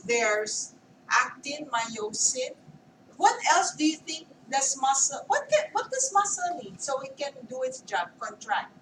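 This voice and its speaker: A woman teaching an anatomy class, her voice pitched high and often rising into "okay?" checks as she quizzes students. She sounds set back from the microphone in an echoey classroom. A faint hum of the room sits under her. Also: very animated, a little slow, fairly bright tone. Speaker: anatomy lecturer. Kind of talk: classroom lecture. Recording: roomy classroom mic from far off.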